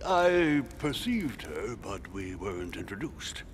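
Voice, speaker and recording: Dignified statesman, formal, measured, swooping pitch, game dialogue. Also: sing-song, long reverb tail, slight background noise. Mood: inquisitive. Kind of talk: video game voice acting.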